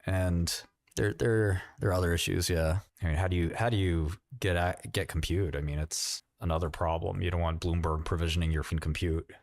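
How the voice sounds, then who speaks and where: Brief: low-voiced New York man, rambling livestream host, dry close sound. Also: fairly even intonation, gravelly, dry recording. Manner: rambling, quick asides, mocking questions. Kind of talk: casual livestream chat.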